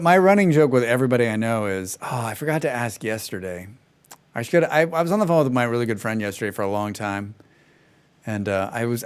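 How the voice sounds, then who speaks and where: A man's voice: mid-range voice, clear, resonant tone. A man livestreaming himself playing a game, chatting casually and making sarcastic, joking asides. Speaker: game streamer. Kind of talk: casual chat during a gameplay livestream.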